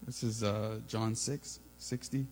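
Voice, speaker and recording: A man giving an informal, earnest sermon, building to loud emphatic peaks, with a mains hum behind him. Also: lowish voice, steady tone, takes it slowly, poor audio. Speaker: preacher.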